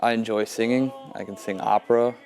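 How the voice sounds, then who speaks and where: A teenage high school boy speaking casually in a profile interview, relaxed and modest. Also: a little fast. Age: teens.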